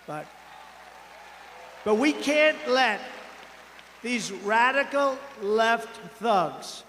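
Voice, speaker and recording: A man's voice: very high-pitched, lively intonation, extremely slow, a bit bright, a faint crowd, slight background noise. A man giving a campaign rally speech as a politician, rambling and emphatic, often repeating himself. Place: large rally venue. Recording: long hall reverb at a big rally.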